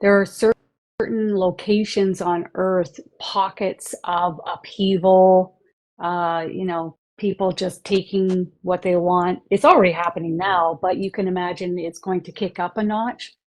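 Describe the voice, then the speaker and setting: A woman hosting a livestream about channeled spiritual messages, earnest and halting, with many fillers. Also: lowish voice, steady tone, poor audio.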